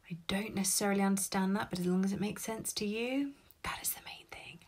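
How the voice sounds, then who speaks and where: A woman's voice: medium pitch, sing-song, moderate pace, vocal fry, fairly bright tone, breathy edge. A woman hosting a live stream, chatting casually to viewers, swearing freely and reacting to their comments. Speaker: host of live tapping session. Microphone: laptop.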